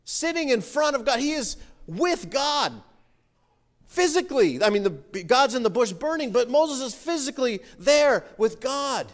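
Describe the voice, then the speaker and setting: A male pastor preaching a sermon, animated as he reads scripture and comments on it. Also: very high voice, unhurried. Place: church sanctuary. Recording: reverberant church hall.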